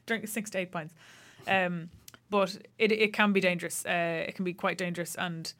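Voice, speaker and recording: Woman, podcast co-host, lowish voice, chatty explainer with restarts. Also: flat delivery, moderate pace, fairly bright tone. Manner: explains facts with many fillers and restarts. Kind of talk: casual science chat.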